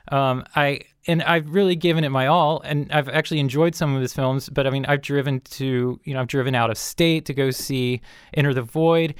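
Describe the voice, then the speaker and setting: A man with a smooth, resonant voice, pitched a little high for a man, talks reflectively as a festival programmer, pausing now and then. The recording is dry and close. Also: no echo. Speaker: film festival programmer, segment regular. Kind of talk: casual commentary.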